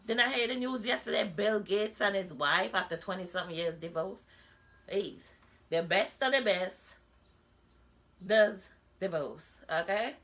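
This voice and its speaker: A woman, speaking a candid personal vlog monologue. She talks bluntly and chats freely, keeps throwing in rhetorical asides, and her voice sits at an ordinary middle pitch. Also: measured pace, a bit bright. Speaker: vlogger.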